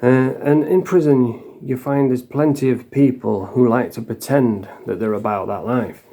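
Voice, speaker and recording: A man from around Doncaster speaks with a Yorkshire accent, his voice gravelly and dark. He tells stories to camera in a blunt, rambling way, swearing often and casually. It sounds like an informal vlog. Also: mid-range voice, normal speed. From Doncaster area, England. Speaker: vlogger.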